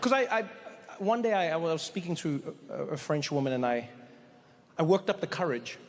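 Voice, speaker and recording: A man doing stand-up storytelling on stage, animated, with stammered restarts. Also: on the high side, normal speed. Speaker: stand-up comedian. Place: large performance hall. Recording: live hall reverb, faint noise.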